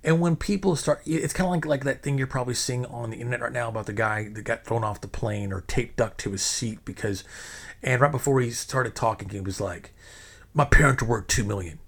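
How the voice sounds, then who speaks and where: A man's voice: mid-range voice, steady tone, brisk, vocal fry. A man hosting a podcast, telling a long story in a rambling way, full of fillers and restarts. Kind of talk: casual storytelling.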